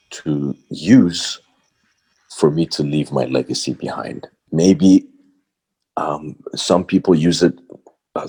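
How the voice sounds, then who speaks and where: A man's voice: rumbling low, darkish tone, slightly rough. A man from Bahrain, a voice-over artist, talking reflectively as a podcast guest with frequent fillers and restarts. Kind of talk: casual interview talk.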